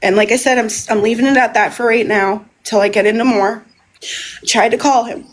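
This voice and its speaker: Woman live-streamer, slightly high voice, rambling and emotional, repeating herself. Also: steady tone, fairly quick, slight background noise, rough recording. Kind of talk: casual live stream monologue.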